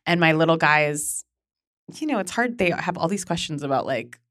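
A woman in her thirties, a podcast guest and memoir author, telling personal stories in a chatty, animated way with casual swearing. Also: sits low, normal speed, no room sound, clean studio sound. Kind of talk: candid storytelling.

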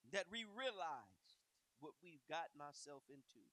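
A man teaching a Sunday school Bible lesson, animated and acting out the story in character voices. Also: a little high, dry recording, rough recording.

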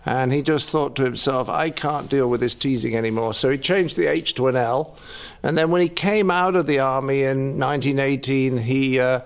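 An older man from England, telling stories in an interview with a dry, deadpan teasing manner. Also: mid-range voice, moderate pace, clear, resonant tone. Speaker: guest. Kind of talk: interview storytelling.

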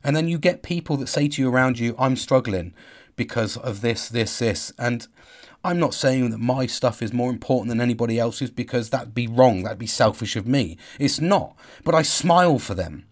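A middle-aged man speaks straight to his audience in a raw, unscripted video diary. His voice sits at an ordinary middle pitch, and he talks in an emotional, halting way, stumbling over repeated words and swearing as he goes. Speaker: father talking to his audience.

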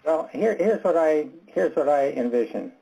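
A man leading a Bible study discussion, talking in a halting, earnest and direct way, often repeating his words. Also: on the high side, lively intonation, creaky, dark tone, slightly rough, muffled recording. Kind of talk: candid group Bible discussion.

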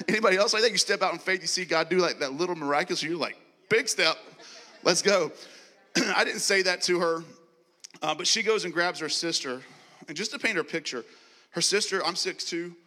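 A man preaching a sermon as he tells a story, acting out the dialogue and laughing and clearing his throat often. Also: a little high, brisk, sharp tone. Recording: long hall reverb.

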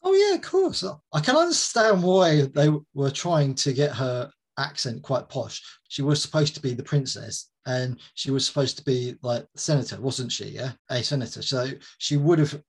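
A man as a guest in a casual chat, talking in an animated way and laughing often. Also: mid-range voice, normal speed, hardly any pauses, slightly rough.

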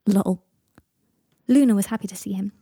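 A woman narrating a fan story in a calm, even audiobook style. Her voice is husky, mellow and darkish. The sound is dry and close, with no room in it. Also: mid-range voice, fast, no echo. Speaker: fan fiction reader.

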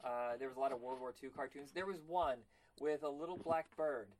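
Rambling, excitable male podcast host. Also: mid-range voice, fairly quick, a little hiss or hum. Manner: rambling, excitable, acts out cartoon voices. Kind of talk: casual chat.

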